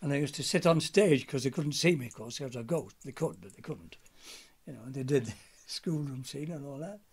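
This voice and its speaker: Older chatty storyteller man, husky. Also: medium pitch, animated, fairly quick, a little mellow. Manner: chatty storyteller, acts out old routines in character voices. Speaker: pantomime comedian, interview guest. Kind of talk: anecdotal interview chat.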